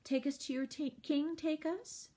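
A woman's voice: sits high, fairly even intonation, unhurried, dark tone, pitched above the performer's own voice. A woman reading aloud voices a dignified elder man who speaks solemnly and formally.

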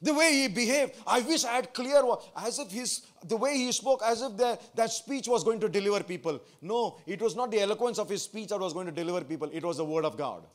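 A man's voice: sits high, expressive, brisk, hardly any pauses. A man, a pastor, preaching a sermon to his church, asking the congregation questions and repeating phrases for emphasis.

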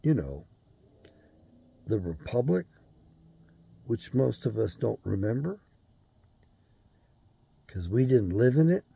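A man's voice: deep voice, gravelly, dark tone, slightly rough. An older man hosting his own show, delivering a blunt, profane, angry monologue. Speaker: show host.

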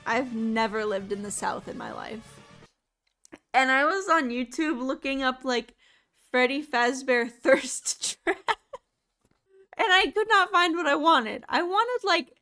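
A woman's voice: high voice, slow pace, sharp tone, soft background music. A woman streaming live, chatting casually and rambling, laughing often between thoughts.

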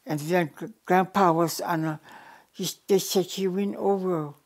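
A woman's voice: on the low side, fairly even intonation, measured pace, a little mellow. An older woman from the Yukon telling a traditional story at an easy pace, plain in her phrasing and often circling back to repeat and restart words. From Yukon, Canada. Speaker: elder storyteller. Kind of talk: oral storytelling.

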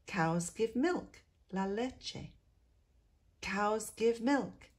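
A woman doing a gentle, kind village teacher. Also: medium pitch, expressive, drawn-out words, husky, pitched above the performer's own voice, heavily acted. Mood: teaching. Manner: warm, encouraging, mixes in Spanish words.

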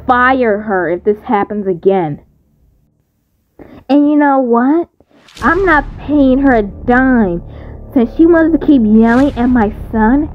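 A woman acts out an indignant mother in a homemade roleplay movie, high-pitched and slow-spoken as she scolds. The recording is dull and lo-fi, with faint music underneath. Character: angry protective mother, stern and indignant. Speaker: voice actor.

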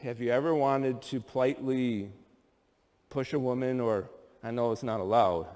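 A middle-aged pastor from upstate New York delivers a sermon with a high voice that leaps all over its range. He spins stories and keeps asking the congregation questions. His voice rings with a long church hall reverb. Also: a little slow. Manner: animated storytelling with rhetorical questions to the congregation. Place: church sanctuary.

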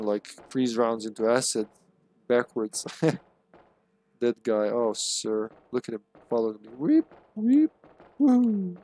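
A man's voice: medium pitch, darkish tone. A man streaming a live game, commenting casually with joking, sarcastic remarks and chatting with his viewers.

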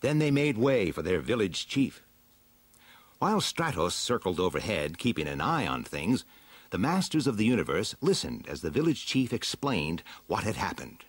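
A man narrating a children's adventure storybook aloud in an expressive, dramatic way. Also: fairly low pitch, moderate pace, slightly rough, dry recording. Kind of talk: storybook reading.

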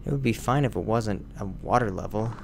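A man's voice: fairly low pitch, a little fast, gravelly, very noisy. A man hosting a let's play, casually commenting on his gameplay and talking to the characters on screen. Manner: chatty, talks to the game and its characters.

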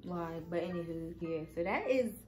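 Swearing, chatty woman with a lowish voice. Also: normal speed, music in the background, low-quality recording. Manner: chatty, cursing freely, addresses viewers as y'all. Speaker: vlogger. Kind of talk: casual storytime.

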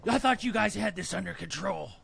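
A man doing a gravelly, cursing agent. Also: high-pitched, expressive, brisk, a bit bright, slight background noise, full character voice. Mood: gruff exasperated. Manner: gruff, swears constantly. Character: gruff, cursing male government agent. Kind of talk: improvised comedy sketch.

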